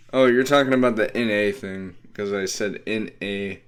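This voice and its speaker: A young man from Texas chats his way through a game stream, drifting between thoughts and picking up on what his chat says. His voice sits on the low side and he takes his time, with plenty of ums and uhs along the way. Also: measured pace, clean tone. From Texas, USA. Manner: rambling, answers chat, many fillers. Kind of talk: casual live-stream chat.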